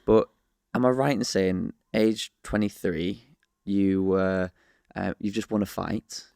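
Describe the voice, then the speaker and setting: Low, gravelly male host on a dry mic; measured interviewer. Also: steady tone, a little mellow, no room sound. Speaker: podcast host. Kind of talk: interview and scripted intro.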